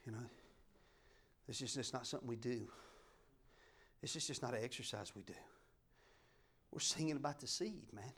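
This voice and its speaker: A middle-aged man preaching a sermon, fervent and emphatic, swinging between loud declarations and quiet asides. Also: fairly high pitch. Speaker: pastor.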